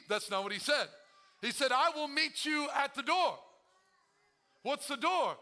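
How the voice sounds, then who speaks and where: Pastor guy preaching in church, high voice, super bright and sharp. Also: expressive, measured pace, pauses often. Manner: preaching, calls out to the congregation, acts out quoted prayers. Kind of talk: sermon.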